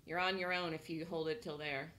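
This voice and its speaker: A woman's voice: low voice, fairly even intonation, fairly quick, pushed and bright. A woman hosting a live day trading room, chatting casually, laughing often and thinking aloud as she calls trades.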